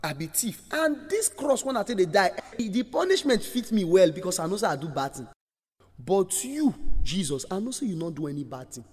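A man with a Nigerian accent voicing a dying thief on a cross, pleading in a low, subdued voice. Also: very animated, fairly quick, darkish tone, husky, exaggerated voice. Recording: long hall reverb.

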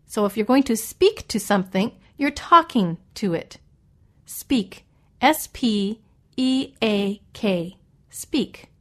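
A woman's voice: medium pitch, animated, slow pace. A woman teaching English vocabulary in a patient, explaining way, spelling each new word out letter by letter as she goes through a story. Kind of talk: slow vocabulary lesson around a read-aloud story.

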